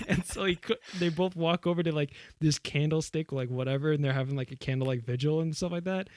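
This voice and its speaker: A man's voice: a little high, brisk, no echo, clean studio sound. A young man co-hosting a podcast, casually retelling a comedy sketch with lots of "like" and swearing. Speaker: podcast co-host. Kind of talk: casual chat.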